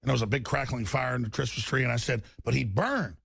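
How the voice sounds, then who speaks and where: Gravelly, heated male talk host. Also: fairly even intonation, racing, fairly bright tone, no room sound, studio quality. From Texas. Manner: heated, rambling, with big pitch swings and repeated restarts. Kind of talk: impassioned political talk monologue.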